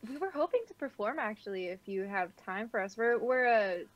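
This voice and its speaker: A woman's voice: medium pitch, lively intonation, fairly quick, no room sound, highs cut off. A woman playing a tabletop game, chatting casually and laughing often. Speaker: player.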